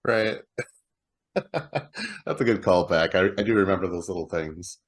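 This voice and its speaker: Husky-voiced man chatting about films. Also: low voice, big pitch swings, a little slow. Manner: laid-back, swears, laughs often. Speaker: podcast co-host. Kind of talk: casual movie discussion.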